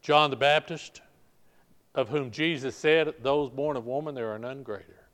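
A man's voice: mid-range voice, normal speed, fairly bright tone. An older man, a pastor preaching a sermon, calling out "folk, listen" and restarting phrases as he presses his points.

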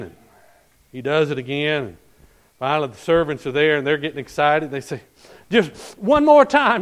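A male pastor preaching a sermon, retelling a story in a folksy way and swinging between hushed and loud passages. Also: medium pitch.

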